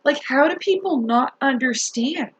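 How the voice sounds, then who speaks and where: A woman telling a story in a casual rant to her viewers, animated, swearing and laughing as she talks. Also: high-pitched, a little slow, lo-fi sound. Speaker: vlogger.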